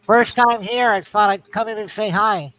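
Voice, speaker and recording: A man's voice: high-pitched, normal speed, no echo. Joking man calling into a stream. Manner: joking, relaxed, hesitant with uhs. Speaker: guest caller on a stream. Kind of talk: casual chat.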